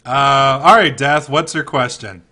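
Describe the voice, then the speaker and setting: A man hosting a casual group podcast, animated and quick to laugh, swearing casually. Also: mid-range voice. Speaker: podcast host.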